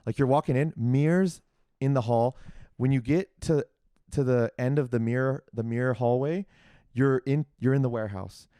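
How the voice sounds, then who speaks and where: A young man casually telling a story on a podcast, animated and acting out the quoted dialogue, with many fillers. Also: medium pitch, smooth, dry recording, clean studio sound. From California. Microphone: podcast mic.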